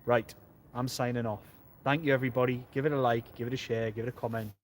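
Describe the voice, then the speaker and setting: A man hosting a football fan live stream, chatting and joking casually from pitchside at a stadium. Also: little pitch movement, quick pace, slight background noise. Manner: chatty, jokey, rambling. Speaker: host of a football fan channel.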